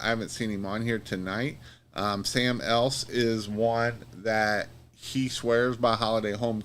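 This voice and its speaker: A man's voice: mid-range voice, a bit bright, a little hiss or hum. A man giving casual business advice on a live stream, rambling and repetitive, with many fillers and restarts, urging listeners on. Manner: earnest, pep-talk urging. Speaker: Christmas light business owner giving advice.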